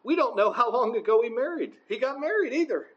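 High-pitched male preacher, conversational sermon delivery. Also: animated, fairly quick, reverberant, lo-fi sound. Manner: conversational, often asks the congregation "right?".

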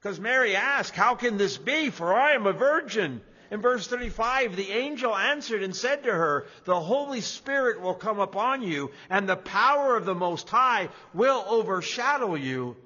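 A pastor delivers a sermon in a high voice, moving from quiet reflection to emphatic preaching and repeating key phrases for emphasis. The audio is dull, with a long reverb tail.

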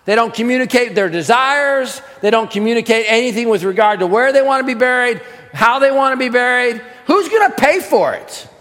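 A man with a very high voice preaching a sermon, his words ringing out with a long hall reverb. He teaches casually, poses questions to the congregation, and pushes his voice up hard to stress key points. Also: brisk, a bit bright. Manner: conversational teaching with rhetorical questions; emphatic, raises voice for stress. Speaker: pastor.

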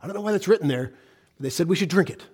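A middle-aged American man preaching a sermon, swinging between loud emphasis and hushed, quiet passages. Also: high-pitched, expressive, very fast, breathy edge. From United States. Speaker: pastor.

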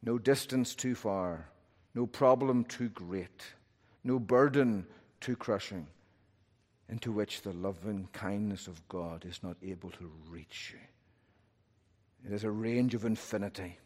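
A man preaching a sermon, moving between loud, urgent peaks and hushed, low phrases. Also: a little slow. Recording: long hall reverb.

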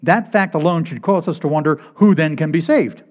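A man's voice: on the high side, brisk. A male pastor preaching a sermon, emphatic and repeating key phrases to drive points home. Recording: dull lo-fi recording.

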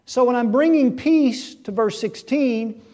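A male preacher with a notably high-pitched voice delivers a sermon. He poses rhetorical questions and swings from hushed, quiet stretches to loud, emphatic ones. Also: measured pace.

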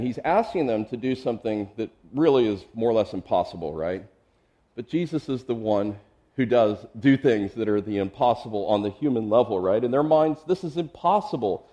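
A male pastor works through a passage in a relaxed, conversational sermon. His voice is mellow and warm, and he often stops for chuckling asides and repeats words while he gathers his thoughts. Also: medium pitch, muffled recording. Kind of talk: expository sermon.

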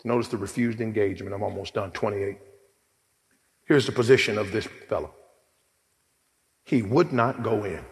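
A man preaching a sermon in a church, animated and humorous, calling on the congregation for amens. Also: on the low side, normal speed, pauses often. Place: church hall. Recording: echoey hall.

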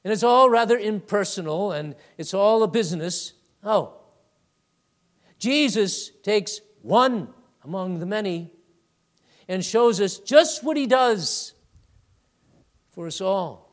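A man preaching a sermon to his congregation, calling them beloved and swinging between loud emphatic peaks and hushed, low asides. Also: expressive, takes it slowly, pauses often.

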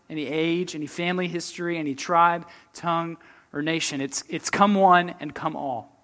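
A man's voice: a little high, a bit bright. A man preaching a sermon with earnest conviction, often repeating words and asking "right?" as he reads and explains Scripture. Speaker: pastor.

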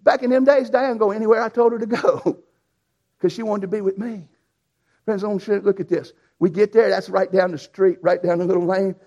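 Gravelly high-voiced preacher. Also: male voice, brisk. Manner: folksy, animated storytelling with dialect grammar. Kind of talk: storytelling sermon. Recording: dull lo-fi sound.

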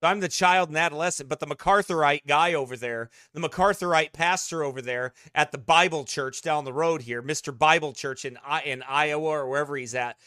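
Fiery shouting preacher, sharp-toned man. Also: on the high side, brisk, hardly any pauses, dry recording, clean studio sound. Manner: fiery, shouting, hammering repetition. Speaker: pastor. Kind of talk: impassioned sermon.

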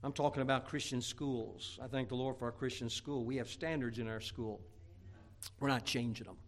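A man's voice: medium pitch, fairly even intonation, moderate pace. A male pastor preaching a sermon, telling folksy stories and breaking into emphatic outbursts.

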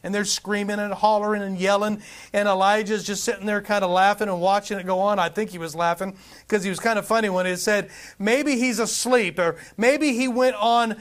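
A man's voice: high voice, flat delivery, quick pace, fairly bright tone. A man preaching a sermon with fervent, repetitive emphasis. He restarts his phrases and calls out to the congregation for responses. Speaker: pastor.

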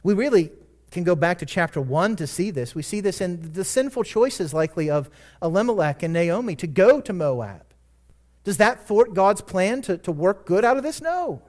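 A man's voice: high-pitched, big pitch swings, moderate pace, darkish tone. A man preaching a sermon, earnest and conversational, rising to emphatic peaks and dropping into casual asides. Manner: conversational asides and self-corrections. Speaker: pastor.

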